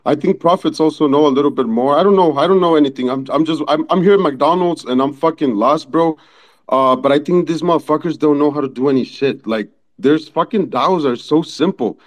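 A man from Mexico with a Mexican accent, a Spanish speaker chatting in an online audio room. He talks bluntly and profanely in a rambling way, from a fast-food restaurant. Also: on the high side.

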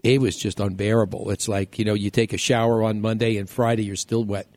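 A man's voice: fairly low pitch, little pitch movement, brisk, darkish tone, no room sound. A man from New York hosting a home improvement radio show, joking and rambling in a casual way. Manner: joking, rambling, laughs often.

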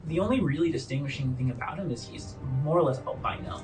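A man's voice: mid-range voice, lively intonation, fast talker. Casual male game master, distant mic. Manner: casual, descriptive, many fillers. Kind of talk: narrating a tabletop game. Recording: distant mic with faint music.

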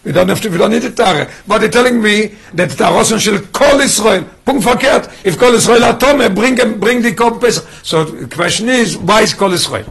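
Man, rabbi teaching a class, emphatic, quick pace, husky voice. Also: sits high, fairly bright tone. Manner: emphatic, mixes in Yiddish and Hebrew terms. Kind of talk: Torah class lecture.

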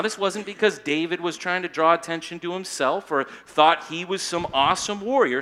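A male pastor giving an animated, conversational sermon, often tagging his points with "okay?". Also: high voice.

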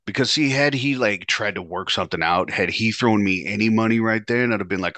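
A man tells a raw personal story on his own show, swearing freely and acting out his old lines. His voice sits deep and low but carries a bright, forceful edge. The sound is dry and close, with no room around it. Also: brisk, no room sound. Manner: profane, animated, acts out his own past lines. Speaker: podcast host telling his life story. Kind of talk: candid storytelling monologue.

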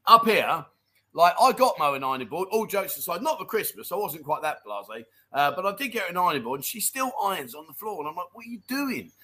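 A middle-aged man hosts a relaxed live-stream chat, reading out viewer messages and laughing along. He talks fast in a slightly high, bright, forward voice, joking easily, laughing often and calling people mate.

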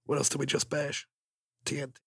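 A man's voice: medium pitch, completely flat delivery, a little fast, gravelly, heavy background noise. A man co-hosting a podcast in casual chat, joking, swearing freely and acting out quotes. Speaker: podcast co-host.

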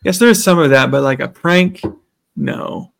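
A man's voice: fairly high pitch, expressive, moderate pace, vocal fry. A man co-hosting a podcast, chatting casually as he retells the scenes of a TV episode and acts out the characters' lines. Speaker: podcast co-host. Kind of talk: casual chat recapping a TV episode.

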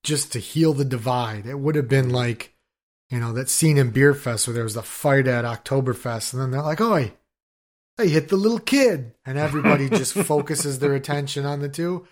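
A man's voice: mid-range voice, steady tone, fairly quick. Profane riffing male podcast co-host. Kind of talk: casual chat.

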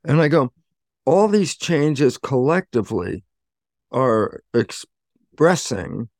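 A man, a guest in an interview, explaining in an animated way and acting out bits of dialogue. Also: mid-range voice, slow pace, no echo, studio quality. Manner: animated, acts out dialogue in quotes. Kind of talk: conversational explaining.

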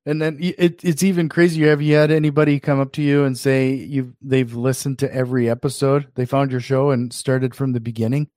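A man's voice: mid-range voice, flat delivery, brisk, hardly any pauses, mellow, dry recording, clean studio sound. Conversational male podcast host. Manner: conversational, restarts and repeats words. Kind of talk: casual interview chat.

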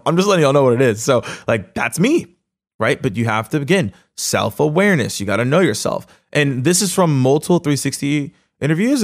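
A man hosting a podcast, speaking in a casual, energetic motivational monologue with lots of fillers and quick bursts. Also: mid-range voice. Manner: energetic, casual, fast-talking with many fillers. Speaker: podcast host.

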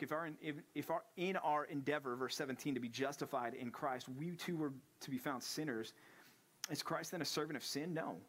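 A male pastor, preaching a sermon and acting out the lines of biblical figures with lively energy. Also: a little high. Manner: animated, acts out quotes of the disciples and Paul.

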